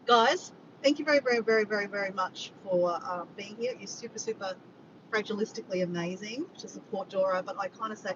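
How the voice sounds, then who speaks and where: A woman with an Australian accent chatting casually on a livestream, rambling and reading out comments from her viewers. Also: a little fast. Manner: rambling, reads out the chat and greets viewers by name. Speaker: vlogger hosting a livestream. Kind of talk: casual live chat with viewers. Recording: dull distant mic with vehicle rumble.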